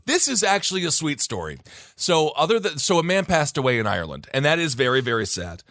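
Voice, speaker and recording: A man co-hosting a podcast, telling stories in a joking, animated way. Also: a little high, brisk, dry recording. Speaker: podcast co-host. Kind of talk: casual comedic chat.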